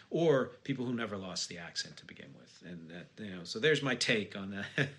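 A man's voice: medium pitch, sharp tone. A man from the Philadelphia area with a slight Philadelphia accent, hosting a solo podcast in a reflective, musing way with fillers and restarts. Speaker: podcast host.

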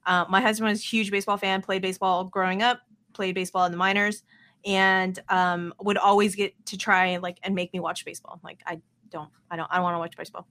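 A woman's voice: mid-range voice, little pitch movement, a little fast, a bit bright. A woman in her thirties from Las Vegas, a podcast guest telling a casual, self-deprecating story.

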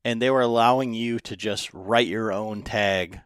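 A man's voice: fairly low pitch, fairly even intonation, moderate pace, fairly bright tone, clear, resonant tone, no echo, studio quality. A man hosting a podcast, asking casual questions with lots of ums, restarts and light laughs. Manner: hesitant, many ums and restarts, friendly laughs. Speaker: podcast host.

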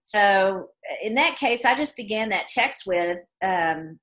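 A woman in her sixties with a bright, clear voice, chatting as a guest author. She talks in a reflective, easygoing way and laughs easily. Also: mid-range voice, expressive, slow pace. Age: 60s. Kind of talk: casual interview chat.

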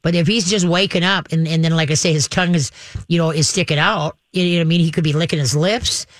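A man's voice: on the high side, steady tone, quick pace, fairly bright tone, no echo. A man hosting a call-in pet advice show, folksy and reassuring, rambling with frequent restarts. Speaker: pet advice radio host.

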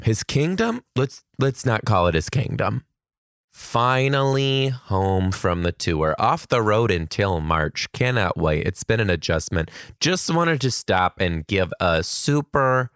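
A man hosting a solo podcast in a campy, playful way, his voice leaping up high for greetings and jokes. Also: big pitch swings, takes it slowly, fairly bright tone, no echo, studio quality. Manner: campy, playful, big swoops in pitch. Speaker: podcast host.

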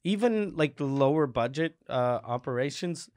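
A man from Spain co-hosting a crude casual chat, swearing and firing off quick jokes. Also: mid-range voice, expressive, a little mellow, no echo, clean studio sound.

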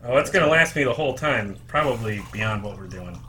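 A man's voice: fairly low pitch, expressive, fairly quick, bright, forceful tone, slight background noise. A man hosting a podcast in casual, easygoing chat, laughing often. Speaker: podcast host.

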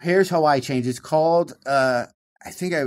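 A man with a Michigan accent, a stand-up comedian talking fast and animatedly in an interview, swinging his voice up and down to show his points. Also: on the high side. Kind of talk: casual interview talk.

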